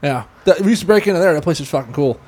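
A man in casual chat, excitedly telling profane local anecdotes with laughs. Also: a little high, very fast.

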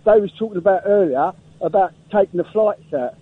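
Male caller, high raspy voice, tinny phone line, blunt, slangy. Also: fairly quick. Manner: blunt, animated, conversational slang.

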